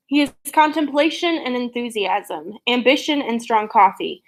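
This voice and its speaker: A woman's voice: on the high side, animated, normal speed, hardly any pauses, low-quality recording. A woman teacher reading a novel aloud to her class, reading steadily and stopping now and then to quiz the listeners about the book.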